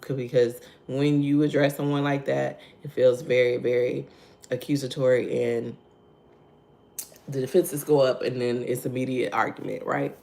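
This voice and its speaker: A woman's voice: extremely low pitch, level tone, moderate pace, gravelly, mellow. A woman hosting a casual devotional livestream. She laughs often, repeats her points, greets viewers by name and keeps asking "right?" and "okay?". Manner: asks "right?" and "okay?" to draw listeners in. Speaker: host of a morning devotional livestream.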